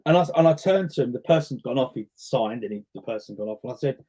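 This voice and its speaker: A singer and actor from North West London speaks as an interview guest in a casual chat, telling anecdotes. His voice is fairly high, expressive, and mellow, he talks fast, and he repeats words while thinking.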